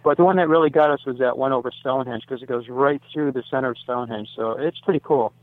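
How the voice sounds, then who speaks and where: A US man in his sixties, a site owner, is a guest on a radio interview, rambling with lots of fillers and self-corrections. His voice is medium-pitched and fast, with no room sound on a dry phone line.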